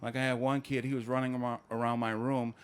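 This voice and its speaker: A man performing a stand-up comedy set, telling stories in a conversational, deadpan way. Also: medium pitch, fast talker, clear, resonant tone. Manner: conversational, deadpan storytelling with acted quotes.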